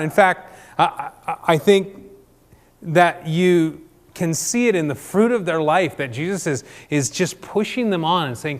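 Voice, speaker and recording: A man's voice: fairly high pitch, unhurried, big-room sound. A man giving a conversational sermon, chatty and often checking in with "right?". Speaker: church speaker.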